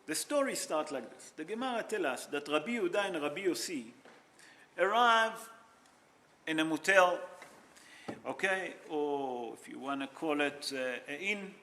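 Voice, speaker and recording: A man teaching an informal class as a rabbi, telling a story in an animated way. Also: sits high, slight background noise. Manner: animated, mixes Hebrew and Yiddish terms, non-native grammar.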